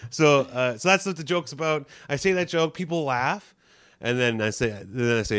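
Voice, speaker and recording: A man's voice: mid-range voice, brisk, clear, resonant tone, no echo, clean studio sound. A man who does stand-up, telling a story in a casual chat, laughing often, restarting his sentences and mimicking other people's voices. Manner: animated, laughs often while telling an anecdote; rambling with many restarts and "like" fillers. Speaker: stand-up comedian.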